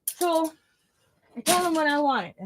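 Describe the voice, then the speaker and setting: Chatty lady crafting and laughing a lot, kinda high voice. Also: animated, unhurried, a little hiss or hum. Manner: chatty, laughs often while telling a story. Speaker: craft channel host. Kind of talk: casual craft vlog chat.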